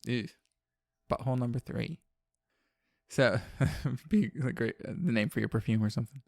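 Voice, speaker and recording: A man's voice: medium pitch, normal speed, vocal fry, darkish tone, no echo. A man from New Orleans co-hosting a podcast, recapping a horror film in casual, profane chat and laughing often. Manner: chatty, profane, laughs often, many fillers.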